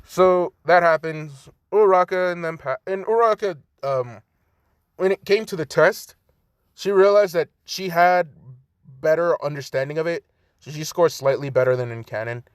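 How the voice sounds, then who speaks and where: Casual young man, twenties, profane rambler, slightly high voice, dry home room. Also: moderate pace, clear, resonant tone, no room sound. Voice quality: profane, loose, filler-heavy talk. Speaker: fan-story narrator. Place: room at home by a cracked window.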